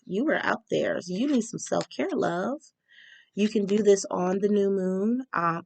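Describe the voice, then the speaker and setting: A woman's voice: medium pitch, gravelly, darkish tone, no echo. A woman giving a casual tarot reading, chatty and reading spell instructions aloud with frequent ums. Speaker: tarot reader.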